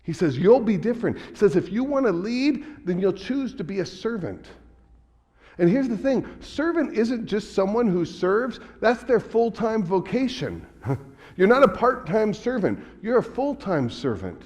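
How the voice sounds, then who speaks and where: A man with a high voice delivers a sermon in a relaxed, conversational preaching style. His words ring out with a long reverb from the church hall around him. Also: a little slow. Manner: conversational preaching, paraphrases scripture in casual speech. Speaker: pastor.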